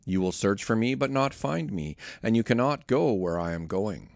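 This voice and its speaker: A man reading the lines of Jesus, an earnest, calm grown male teacher, from a scripture reading. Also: fairly low pitch, moderate pace, gravelly, dry recording, studio quality.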